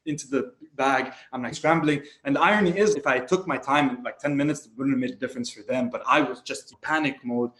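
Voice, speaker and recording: A young man from Egypt tells candid personal stories as a podcast guest, mid-pitched and confessional, often restarting his sentences. His voice has a roomy echo around it. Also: fast talker, few pauses, a bit bright. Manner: reflective and confessional, with frequent restarts.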